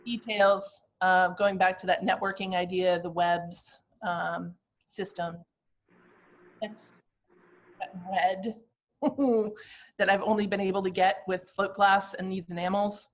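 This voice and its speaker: A woman in her fifties, a glass artist, talking through slides of her own work in a reflective, halting, personal way. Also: medium pitch, flat delivery. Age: 50s.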